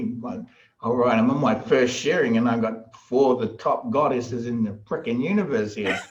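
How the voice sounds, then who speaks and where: A middle-aged man, a podcast guest and shaman, telling stories in a casual, animated way, laughing often and acting out the voices of people he quotes. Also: medium pitch, moderate pace, muffled recording, slight background noise. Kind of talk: casual storytelling.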